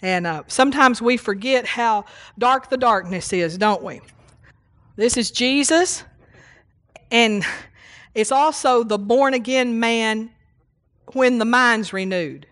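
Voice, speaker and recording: Woman preacher, fairly high voice, emphatic sermon teaching, scripture readings, call-outs to the congregation. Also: slow, pauses often, fairly bright tone.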